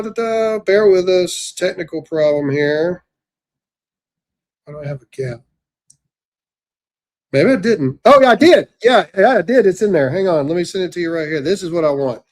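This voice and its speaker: Here a man hosts a podcast with a slightly high, darkish voice. His casual commentary is brash, sarcastic and ranty, and it includes an ad read.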